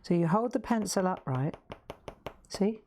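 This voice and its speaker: Here a crafting livestream host runs a live colouring session from her craft room, talking into a lapel mic, chatting, demonstrating and laughing at herself. Her voice is medium-pitched and a little mellow, somewhat slow with lively intonation, and there's slight background noise.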